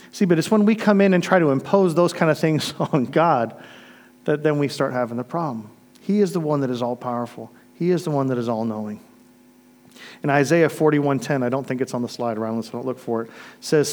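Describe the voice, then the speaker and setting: Male pastor, middle-aged, from Florida, slightly high voice, earnest storyteller who shifts between loud and hushed. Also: fast talker. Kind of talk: sermon.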